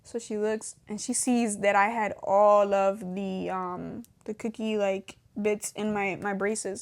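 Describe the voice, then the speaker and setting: A woman's voice: mid-range voice, level tone, takes it slowly, few pauses. Young woman, podcast host, casual testimony storyteller who acts out old dialogue with laughs. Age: young adult. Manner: casual, laughs often, acts out her own past dialogue.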